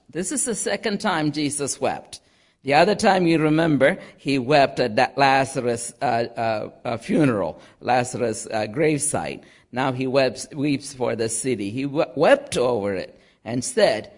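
A man's voice: medium pitch, expressive. A man preaching a sermon, reading scripture aloud and repeating chanted phrases, with frequent "uh" fillers. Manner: slow, deliberate preaching with chanted quotes and fillers.

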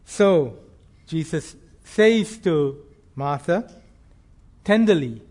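A man preaching a sermon in an earnest, measured way, slowing down to stress key phrases. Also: high-pitched, expressive.

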